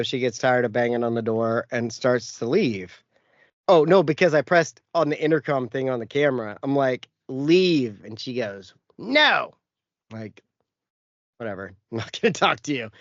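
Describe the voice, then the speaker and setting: A man hosting a casual podcast rattles off a profane story about a family run-in and acts out every quoted line. His voice sits at an ordinary male pitch. The recording is dry and slightly dull and lo-fi. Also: dry recording. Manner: profane, animated anecdote with acted-out quotes. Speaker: podcast host.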